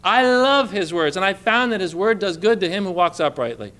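A man delivers a sermon as pastor, his voice pitched high and ringing bright. He preaches with emphatic fervor, leaning into each quoted verse. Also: animated, fairly quick. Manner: emphatic preaching, quoting scripture with rising fervor.

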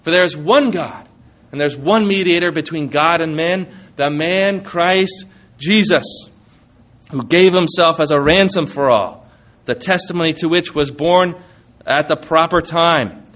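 A man's voice: on the high side, measured pace, a bit bright. A man preaching a sermon, earnest and emphatic, quoting scripture and asking rhetorical questions.

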